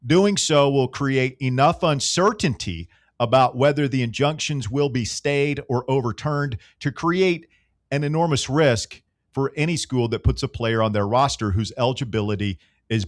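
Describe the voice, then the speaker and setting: A man hosting sports talk radio with a sarcastic, teasing edge, his voice sitting at an ordinary pitch. The studio sound is dry and close. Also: no room sound. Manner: sarcastic, needling banter.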